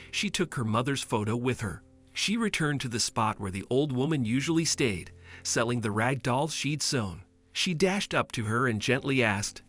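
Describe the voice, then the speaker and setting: A man reading a scripted story as narrator, with expressive storytelling. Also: medium pitch.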